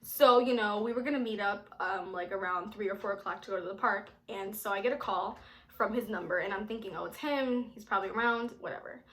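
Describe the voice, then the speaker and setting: A young woman telling a storytime vlog in a casual, animated way, swearing often and saying "like" a lot. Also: mid-range voice, a little fast, poor audio. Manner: animated, swearing, heavy filler "like". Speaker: vlogger.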